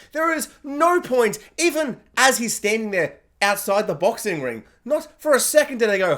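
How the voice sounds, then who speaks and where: A young man with a high, light voice talks through a TV episode recap. He rambles in a loose, chatty way, full of asides and little impressions of the characters. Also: big pitch swings, fairly bright tone. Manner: chatty, rambling, quick to act out quotes. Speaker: TV review vlogger. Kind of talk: casual spoken recap and review.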